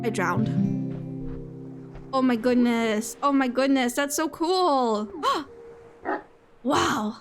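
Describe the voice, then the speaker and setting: A woman's voice: high voice, very slow, long pauses, over loud music. A woman streaming a fishing game, chattering to her chat in a bubbly way, gasping with delight and repeating her lines playfully. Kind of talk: casual gaming stream chatter.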